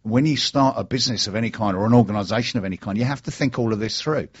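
A man with a slightly husky voice hosts a casual radio talk show, chatty and jokey. The recording is a bit dull and lo-fi. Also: on the low side, racing. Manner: chatty, jokey, interviewing guests.

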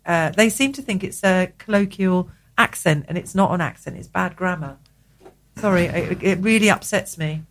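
A middle-aged English woman co-hosting a radio show, chatting in an animated, opinionated way and laughing often. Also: fairly low pitch, moderate pace, slight background noise. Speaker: radio co-host. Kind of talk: casual radio banter. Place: radio studio.

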